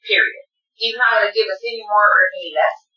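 A woman's voice: mid-range voice, fairly quick, faint music behind. Tearful woman, echoey distant sound. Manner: tearful, earnest, addresses listeners directly. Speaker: guest. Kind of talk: emotional personal storytelling. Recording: echoey, dull room sound from off-mic.

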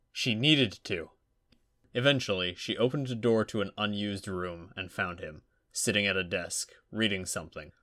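A man narrating fiction aloud in a steady, even storytelling manner. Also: low-pitched, no room sound, clean studio sound. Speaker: audiobook narrator.

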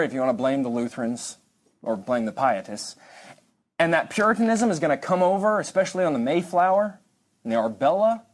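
Conversational man lecturing on church history. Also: a little high. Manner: conversational, digressive, restarts and dry asides.

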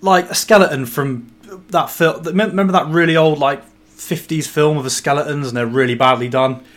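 A man's voice: fairly high pitch, fairly even intonation, moderate pace, a bit bright. Sweary joking man in podcast chat. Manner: sweary, rambling, jokey asides. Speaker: podcast co-host discussing a novel. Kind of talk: casual book-club chat.

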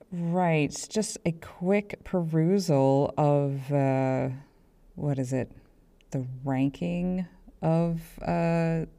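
A woman hosts a professional development podcast in a low, mellow voice with a gravelly edge. She talks in a chatty, self-deprecating way, stopping and restarting as she goes. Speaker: podcast host.

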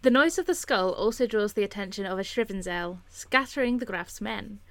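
A woman's voice: medium pitch, expressive, fairly quick, a bit bright, no echo. Woman, podcast co-host, wry, short replies, dry close sound. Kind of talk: casual chat.

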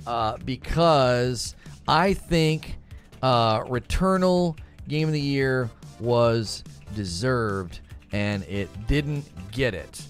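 A man in his thirties, hosting a casual livestream chat, excitable and rambling, often repeating himself. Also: mid-range voice, drawn-out words, soft background music. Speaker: livestream host.

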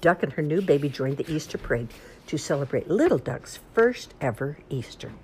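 A woman reading a children's picture book aloud in an expressive, sing-song way. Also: low-pitched, normal speed, a little hiss or hum. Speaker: storyteller. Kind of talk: children's storybook read-aloud.

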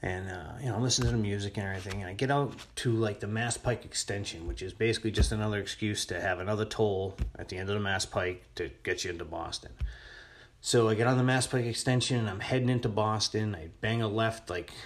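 A man's voice: lowish voice, fast. A man telling a long personal story in a casual voice message, rambling with many restarts.

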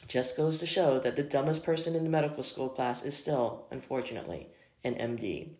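A young woman doctor with a dry sense of humor, as a storybook reader plays her. The voice carries a gravelly fry. It is heard in a roomy, echoey space. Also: medium pitch, brisk, darkish tone, close to an everyday voice. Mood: wry. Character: sensible young woman doctor, dryly witty. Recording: echoey room.

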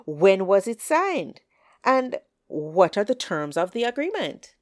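A woman voicing a wary, sharp-witted old hen who speaks in a dry, skeptical, teasing way. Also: mid-range voice, sing-song, slow, no echo.

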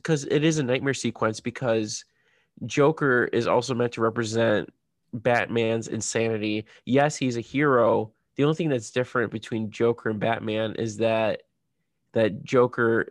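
A man co-hosts a casual podcast chat. He rambles through long explanations full of fillers like "you know" and "like". His voice is recorded dry and close, without echo. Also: mid-range voice. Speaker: podcast co-host.

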